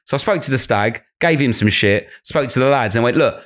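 A man with a London accent chats as a guest comedian. He talks quickly, with a medium-pitched voice. He tells animated stories and acts out heckles by jumping into higher, louder voices. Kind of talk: casual podcast chat.

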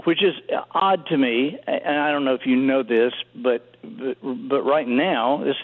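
A middle-aged man from Alabama, an author telling stories in an interview, animated and full of restarts. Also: medium pitch. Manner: animated storyteller with many restarts. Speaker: author guest. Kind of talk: conversational storytelling interview. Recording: tinny phone-like line.

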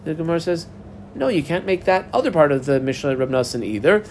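Man teaching Talmud, raised pitch. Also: lively intonation, fast talker, slight background noise. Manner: explains step by step, quotes Aramaic and Hebrew terms; asks and answers his own questions. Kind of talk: daf yomi Talmud lesson.

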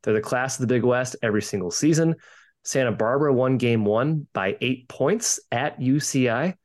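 A man's voice: medium pitch, a little mellow. A man in a mid-range voice steers a casual sports betting podcast, moving it from game to game. He talks in an upbeat, opinionated way and often stumbles over a repeated word as he gets going. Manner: upbeat, quick to share opinions, repeats words when starting. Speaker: podcast host leading segments.

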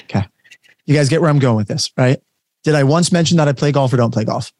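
Brisk male trainer on a video call, dry close sound, animated. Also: mid-range voice, dry recording. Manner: energetic, conversational, acts out client dialogues. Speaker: real estate trainer. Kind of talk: live online training talk.

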